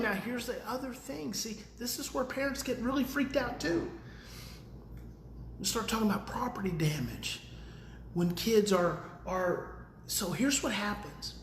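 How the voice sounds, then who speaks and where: A man hosting a daily live video on parenting, talking casually and swinging from calm, low explanation to loud, emphatic passages. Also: measured pace, roomy sound, a little hiss or hum. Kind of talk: casual live-stream teaching.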